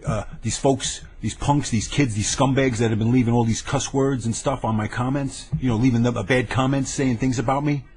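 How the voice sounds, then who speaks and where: A man delivers an angry, boastful rant straight into his webcam. His voice is husky and middle-pitched, and he keeps hammering the same phrases for emphasis. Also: steady tone, brisk, hardly any pauses, darkish tone. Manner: combative, boastful, repeats lines for emphasis. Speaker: vlogger ranting to camera. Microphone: webcam mic.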